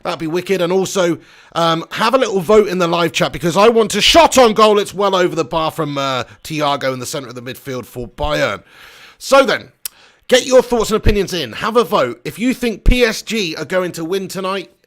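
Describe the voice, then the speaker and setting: A man's voice: high voice, animated, normal speed, fairly bright tone. A man who hosts a live football watch-along, commenting on the match and reading viewers' comments in a jokey, rambling way. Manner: chatty, jokey, rambling, banter-heavy.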